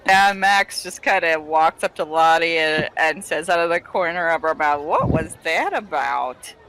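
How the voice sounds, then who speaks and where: A woman player narrating her character's actions in a tabletop game, giggling and animated. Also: sits low, moderate pace, a little hiss or hum, rough recording.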